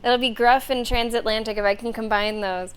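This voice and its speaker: A woman's voice: fairly high pitch, steady tone, fairly quick, slight background noise. A young woman streaming a game, thinking aloud in casual, chatty commentary.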